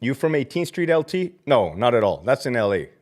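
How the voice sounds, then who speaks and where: Brisk and very animated, a middle-aged man rants in a mid-range, darkish voice. The livestream host, a former corrections officer, reads chat comments in a heated, profane, mocking way, peppering his talk with Spanish slang.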